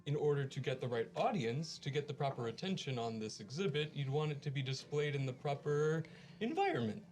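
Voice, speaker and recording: Male player, hesitant and apologetic, lively pitch, faint music behind. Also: brisk. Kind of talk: casual tabletop play.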